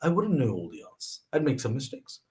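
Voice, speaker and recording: Young man, lively storyteller, wide pitch swings, acts out quoted voices. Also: fairly quick. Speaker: vlogger sharing lessons from his mother. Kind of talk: personal storytelling monologue.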